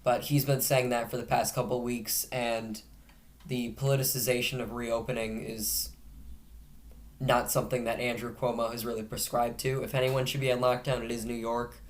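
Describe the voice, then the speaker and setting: A man's voice: mid-range voice, level tone, normal speed. A man hosting his own news commentary show, reading stories aloud in a casual way. He adds sarcastic jokes and often stops to correct himself. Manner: frequent self-corrections and restarts.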